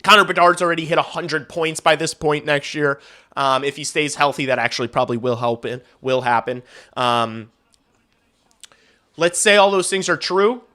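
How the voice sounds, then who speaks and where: A livestream host gives casual hockey commentary, rambling and swearing offhandedly. His fairly high voice is pushed and bright, at normal speed.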